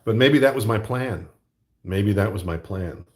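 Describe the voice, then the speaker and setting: A man's voice: fairly low pitch, animated, measured pace, darkish tone. A middle-aged man hosting his own channel, rambling jokily in casual chat and laughing often. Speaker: YouTube art channel host.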